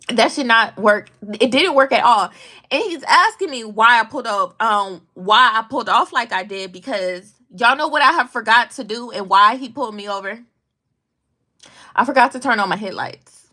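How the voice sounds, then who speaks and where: Young woman ranting on her vlog, pitch jumping all over, cussing and slangy. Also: moderate pace. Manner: animated, blunt, slangy and profane. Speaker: vlogger commenting on news. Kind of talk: casual storytelling commentary.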